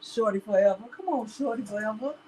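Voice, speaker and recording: This woman's voice is a little high and warm, and she talks fairly quickly, with slight background noise and poor audio. As host of a live crafting tutorial, she chats casually, laughs a lot and addresses her viewers as "y'all".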